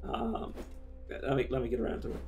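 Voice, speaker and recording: A man's voice: mid-range voice, big pitch swings, brisk, over music. A man giving casual, rambling commentary while streaming a game, chatty and given to casual swearing.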